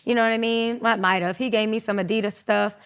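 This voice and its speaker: Animated woman telling her story. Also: fast, clear, resonant tone. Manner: animated, acts out quotes with high voices. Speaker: guest. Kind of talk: candid storytelling interview.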